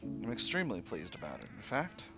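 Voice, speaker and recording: A man's voice: on the low side, huge pitch swings, a little fast, loud music behind the voice. A man casually commentating his own strategy gameplay, thinking aloud with fillers and playful asides to himself. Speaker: strategy game let's player.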